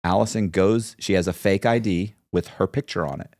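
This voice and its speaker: Speaking at a moderate pace in a low voice, a male interview guest on a podcast recounts a long story, animatedly acting out each person he quotes.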